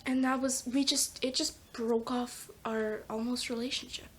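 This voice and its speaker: A teenage girl films a casual comedic vlog at home on a phone camera taped to a sunny patio door, rambling, poking fun at herself, and sometimes slipping into whispers. Her voice is fairly high and a bit bright with a breathy edge, speaking at a measured pace with fairly even intonation.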